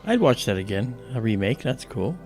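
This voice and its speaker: A man's voice: medium pitch, sing-song, normal speed, darkish tone, faint music behind. A man hosting a livestream, telling a childhood story in casual chat and acting out the other people's voices as he goes. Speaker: livestream host.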